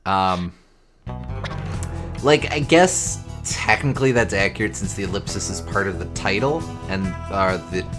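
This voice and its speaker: A man's voice: low-pitched, lively intonation, measured pace. A man playing a game on stream with easy, jokey commentary. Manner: easygoing, jokey. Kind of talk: casual gameplay commentary. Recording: stream mic with loud game music.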